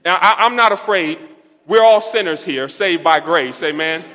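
Young male preacher, lively story-driven sermon, crisp bright tone, reverberant hall sound. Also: on the high side, normal speed. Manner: animated, quotes others in softened voices.

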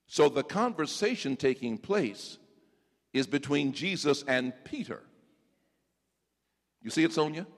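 A male pastor preaching a sermon in a church. He calls out to members of the congregation by name and breaks into shouts. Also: on the high side, expressive, measured pace, pauses often. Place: church sanctuary. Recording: echoey church sanctuary.

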